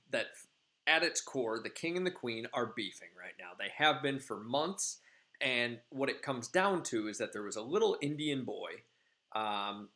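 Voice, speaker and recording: A male teacher with a sharp-toned, mid-range voice gives a casual, rambling class lecture summarizing a play, peppering it with filler ums.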